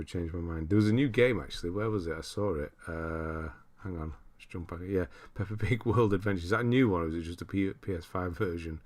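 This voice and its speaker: A man casually chatting on a livestream, thinking aloud and laughing as he reads through viewers' lists. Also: sits low. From United Kingdom. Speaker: streamer.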